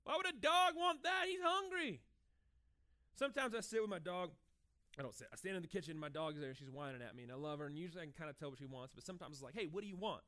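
A man in his thirties preaching a sermon in a conversational, animated way, acting out short dialogues as he goes. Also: fairly high pitch, fast. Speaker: pastor.

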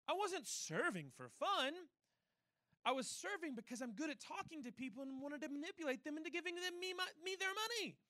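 A young man delivers a sermon in a relaxed, conversational, self-deprecating way. His voice sits very high and rings bright. The sound is dry and close, with no room around it. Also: fairly quick, no room sound. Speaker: pastor.

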